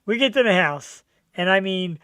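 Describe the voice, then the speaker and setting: A man's voice: high-pitched, expressive, moderate pace, a bit bright, no room sound. A middle-aged man hosting a show, telling a birthday story with lots of swearing. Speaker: show host. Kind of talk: casual birthday chat.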